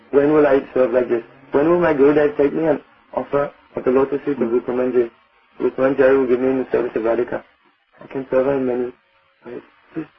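A man with a somewhat raised voice delivers a devotional lecture, patiently explaining each point and pausing to check in with his listeners. The recording is dull and lo-fi. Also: fairly high pitch. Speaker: spiritual teacher.

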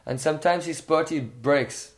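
A man with a slightly raised voice delivering a devotional lecture. He speaks in an unhurried, reflective way, often pausing to check in with his listeners with a questioning "hmm?". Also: a little high. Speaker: spiritual teacher.

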